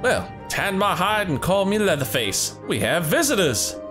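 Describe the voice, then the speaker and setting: A man's voice: high-pitched, very animated, a little slow, pitched above the performer's own voice. A man putting on a folksy Southern hunter chief. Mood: boisterous. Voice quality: folksy drawl. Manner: gregarious, loud. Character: hearty older male chocobo hunter leader. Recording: game music behind.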